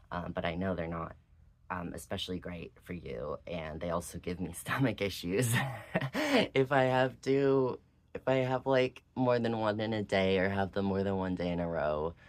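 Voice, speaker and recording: A vlogger talking casually and hesitantly, out of breath, with many ums and likes. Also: low voice. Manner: hesitant, full of "um" and "like". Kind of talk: casual personal vlog.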